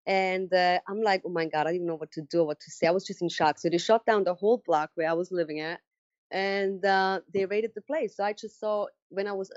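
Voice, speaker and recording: A woman being interviewed, telling a personal story in a casual, animated way and acting out what people said. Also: fairly low pitch, no echo. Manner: animated storyteller who acts out quoted dialogue; frequent fillers and restarts, casual phrasing. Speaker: interview guest. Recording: dry, slightly dull lo-fi audio.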